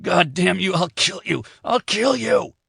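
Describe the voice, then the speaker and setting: A man voicing a furious, desperate captive husband who threatens and shouts in rage. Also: on the low side, normal speed, no echo, studio quality, natural voice. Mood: shrieking. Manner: shouting, enraged.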